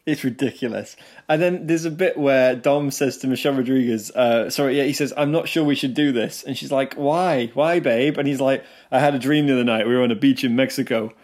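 This co-host's voice is mid-range and a little mellow, moving quickly with fairly even intonation. In their casual podcast chat he's talkative, laughs readily, and often speaks over the other host.

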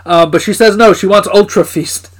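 A man's voice: sits high, normal speed. A man co-hosting a podcast who casually recaps episodes, laughing often and swearing now and then. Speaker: podcast co-host.

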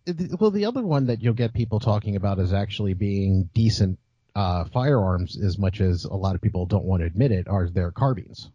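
A man drops short remarks into a casual conversation. His low voice is husky and swings lively up and down. The recording is dull and lo-fi, with a dry sound. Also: fairly quick, dry recording. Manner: brief interjections and questions. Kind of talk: casual chat.

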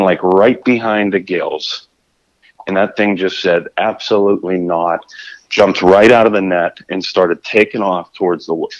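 A man with a lower-pitched voice spins a story in casual conversation, animated and prone to tripping over his own restarts. The recording sounds dull and lo-fi, with the top end rolled off. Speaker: guest telling a fishing story.

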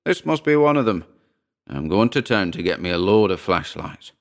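A man voicing a gruff, scornful farmer with blunt, rough folksy speech in a read-aloud story. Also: low-pitched, sing-song, normal speed. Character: gruff uneducated middle-aged farmer, scornful.

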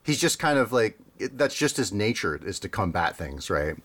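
Male podcast co-host, animated delivery, rambling, laughs easily. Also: lowish voice. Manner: rambling, amused, quick laughs, many fillers. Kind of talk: casual chat.

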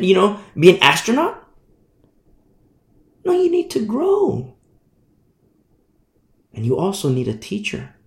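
A man's voice: high-pitched, gravelly, reverberant. A man preaching a sermon as a pastor, blunt and plain-spoken, mocking those he disagrees with.

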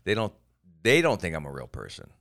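A man co-hosting a casual podcast, telling animated stories and jumping into quoted voices. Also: low voice, brisk, vocal fry. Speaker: podcast co-host and comedian.

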